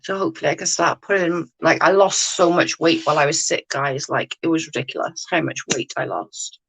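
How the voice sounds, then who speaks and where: A woman's voice: sits low, fairly quick, a bit bright, rough recording. A woman hosting a casual live chat with viewers, blunt and sweary, ranting with lots of "like" fillers. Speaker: livestream host chatting with viewers.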